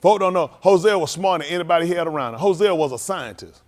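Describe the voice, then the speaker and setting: Guy preaching off the cuff, high voice, swoops all over, laughs a lot. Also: quick pace. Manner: animated, laughing, preachy street talk. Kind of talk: loose spoken commentary at a livestream.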